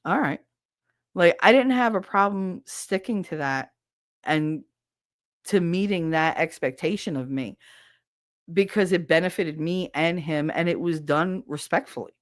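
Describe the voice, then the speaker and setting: A chatty woman with a lowish voice hosts a podcast, talking frankly and swearing freely. She laughs often as she reacts to viewer comments. The sound is close and dry. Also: a little slow, no room sound. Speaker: podcast host. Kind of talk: casual chat reading viewer comments.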